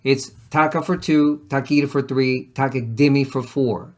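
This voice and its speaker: A man at an ordinary middle pitch teaching music in a loose, unscripted way. He thinks aloud, restarts his sentences and softly voices rhythm syllables to show the beats. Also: fairly even intonation, normal speed. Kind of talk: casual instructional explanation.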